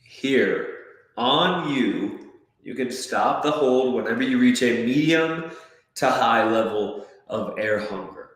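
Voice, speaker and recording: A man coaching a breathwork class, calmly counting and giving gentle step-by-step cues. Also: mid-range voice, slow. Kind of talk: guided breathwork class instruction. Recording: very echoey room.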